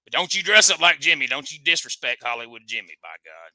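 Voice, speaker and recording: A man's voice: on the high side, lively intonation, fast, bright, forceful tone, no echo. A man hosting a comic show, needling his guest in boastful country banter. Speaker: host.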